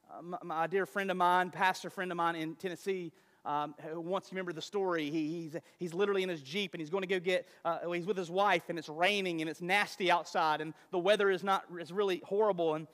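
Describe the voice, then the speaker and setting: A male pastor, preaching a passionate, storytelling sermon that swings between loud and soft. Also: high-pitched, fairly even intonation, fast. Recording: long hall reverb.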